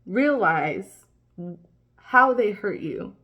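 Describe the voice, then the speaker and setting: A woman's voice: mid-range voice, expressive, very slow, lo-fi sound. A woman giving a casual tarot reading, swearing freely as she rambles and reassures the listener. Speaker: tarot reader.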